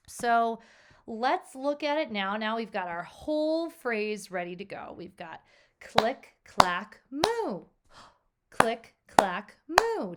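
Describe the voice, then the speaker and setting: A woman teaching a children's music lesson. She speaks encouragingly and chants rhythm syllables for the class to clap along. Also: mid-range voice.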